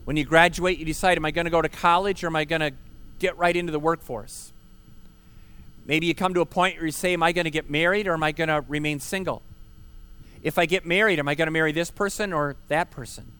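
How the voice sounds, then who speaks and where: A man's voice: a little high, steady tone, fast, a bit bright, clear, resonant tone. A man, a pastor preaching a sermon at an outdoor park service, earnest and emphatic, asking rhetorical questions and repeating key words.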